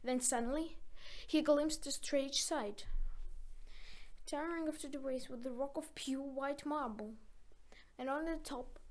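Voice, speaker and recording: A woman narrating a children's story aloud with a high, expressive voice. She reads with dramatic emphasis, drawing the listener in. Her tone stays clear and storybook-like. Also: a little slow.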